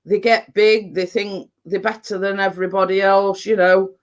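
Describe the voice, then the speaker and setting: A woman's voice: medium pitch, little pitch movement, normal speed. A woman with an English accent chatting on a live stream as a baking vlogger, blunt and rambling, full of fillers and "you know what I mean". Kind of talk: casual live-stream chat.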